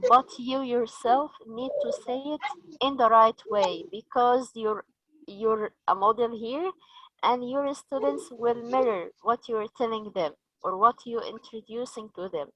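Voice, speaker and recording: Slow-speaking Egyptian woman trainer. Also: on the high side, fairly bright tone, no echo, rough recording. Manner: slow, explanatory, quizzes the audience. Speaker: teacher trainer. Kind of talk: training session lecture.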